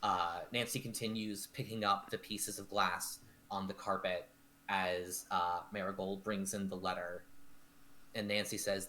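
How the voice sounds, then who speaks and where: A man narrating a tabletop game as game master, animated and full of fillers. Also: low-pitched, unhurried.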